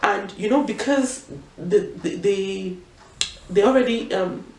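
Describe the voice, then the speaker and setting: A young Nigerian woman telling a personal story in a vlog, in an animated and emphatic way. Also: mid-range voice, takes it slowly. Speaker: vlogger. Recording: roomy echo, distant mic, faint room noise.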